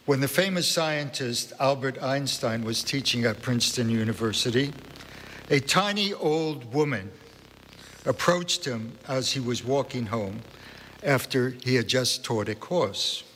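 Slow older man telling a story. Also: mid-range voice, fairly bright tone, slight background noise. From New York, USA. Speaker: guest, professor. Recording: long hall reverb.

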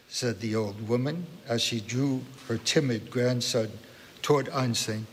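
An older man, a professor, telling a story in a slow, deliberate way. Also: mid-range voice, fairly bright tone, husky. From New York, USA. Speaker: guest, professor. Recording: long hall reverb.

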